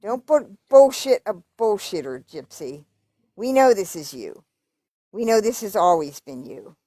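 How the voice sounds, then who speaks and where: A woman's voice: mid-range voice, very animated, a little slow, warm tone, no echo. Woman, reads emails aloud, cuts in with blunt cursing asides, dry close sound. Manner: blunt, profane asides between readings. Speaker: YouTube commentator. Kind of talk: reading emails aloud with commentary.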